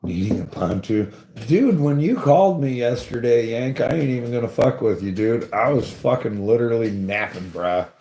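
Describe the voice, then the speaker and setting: A man's voice: medium pitch, lively intonation, moderate pace, hardly any pauses, warm tone, a little hiss or hum. A man telling a rambling, profane story in casual chat, laughing often and swearing freely. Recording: roomy echo.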